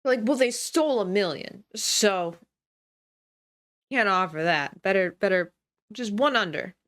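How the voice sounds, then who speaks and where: A woman's voice: mid-range voice, lively intonation, measured pace, fairly bright tone. A woman streamer reacting to a documentary, making sarcastic jokes and asides in a casual chat style. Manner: sarcastic, joking asides with laughs.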